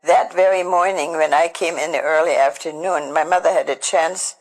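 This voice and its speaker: Older woman, halting and emotional. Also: sits low, steady tone, in a large hall, low-quality recording. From Germany. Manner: halting, emotional, with frequent restarts. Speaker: Holocaust survivor giving testimony. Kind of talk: personal testimony storytelling.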